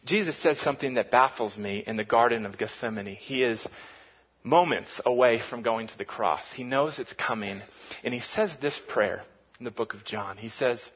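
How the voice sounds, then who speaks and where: Male pastor, sermon, husky, emphatic swells, slightly muffled recording. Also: medium pitch, moderate pace. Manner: animated preaching, swinging from hushed to loud emphatic.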